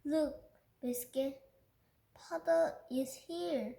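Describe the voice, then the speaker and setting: A woman's voice: fairly high pitch, steady tone, very slow, darkish tone, roomy sound. A woman whose first language is Korean reads a picture book aloud carefully, stumbling and restarting on words. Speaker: reader.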